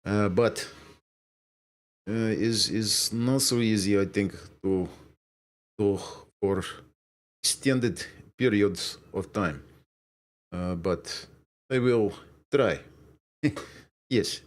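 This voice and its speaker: A man putting on a Russian accent, speaking in broken, halting English. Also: fairly low pitch. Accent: Russian (put on).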